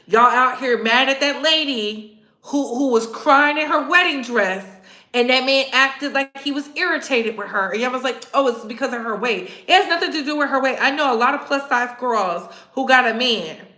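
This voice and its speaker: A woman host giving blunt, sassy, profane commentary, telling stories with animated asides. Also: fairly high pitch, reverberant. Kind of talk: casual commentary vlog.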